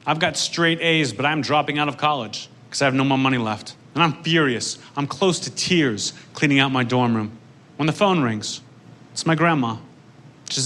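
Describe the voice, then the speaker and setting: Bright-voiced deadpan stand-up comedian. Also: male voice, medium pitch, normal speed. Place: comedy stage.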